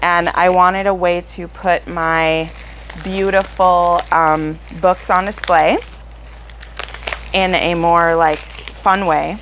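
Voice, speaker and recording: A woman book vlogger chatting casually to her viewers, excitable and full of fillers. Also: fairly low pitch, slow, a little hiss or hum, low-quality recording. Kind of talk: casual chat to camera.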